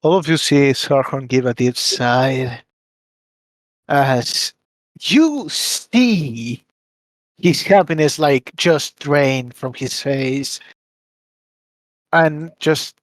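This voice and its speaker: A man's voice: medium pitch, slow pace, dry recording. A man playing in a tabletop game, describing what his character does with many hesitations. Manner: hesitant, restarts and fillers. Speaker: player.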